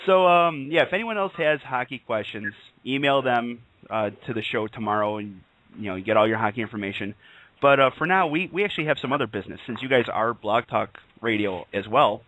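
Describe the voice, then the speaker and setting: A man's voice: mid-range voice, expressive, brisk, a bit bright, no room sound, low-quality recording. A man co-hosting an online radio talk show, chatting casually and rambling with laughs. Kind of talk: casual chat.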